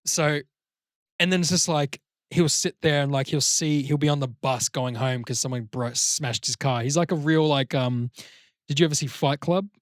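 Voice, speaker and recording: A man's voice: on the high side, moderate pace, no room sound. Rambling swearing podcast man, dry sound. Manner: rambling, swears often, acts out voices. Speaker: podcast co-host. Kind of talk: casual chat.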